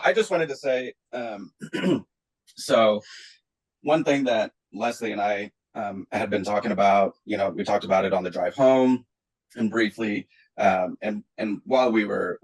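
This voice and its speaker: A man on a video call speaking haltingly, with many ums and pauses. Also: lowish voice, slightly rough, rough recording. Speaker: team member on a video call. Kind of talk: casual meeting talk.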